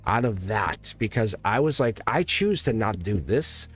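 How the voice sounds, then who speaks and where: A man's voice: on the low side, expressive, a little slow, fairly bright tone, husky, soft background music. A man in his forties hosting a live tarot stream, talking in an emphatic, rambling way and laughing between points. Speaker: tarot reader and livestream host.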